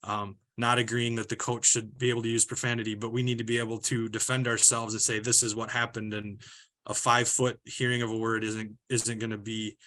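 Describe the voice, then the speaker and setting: A man's voice: on the low side, little pitch movement, brisk, fairly bright tone. A male basketball referee giving practical, matter-of-fact officiating advice with some fillers. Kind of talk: instructional talk on officiating.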